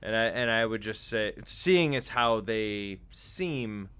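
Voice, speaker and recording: A man's voice: fairly low pitch, expressive, slow, fairly bright tone, clean tone. A man playing in a tabletop game, rambling and giggly as he describes his actions. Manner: rambling, giggly, restarts often. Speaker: player. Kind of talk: casual tabletop role-play.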